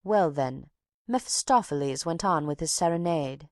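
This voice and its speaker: A woman's voice: deep voice, lively intonation, moderate pace, a little mellow, no room sound, clean studio sound. A woman reading an audiobook, voicing a talkative older woman box-keeper who tells her tale with drama and takes offence easily. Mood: gossiping. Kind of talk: audiobook character voice.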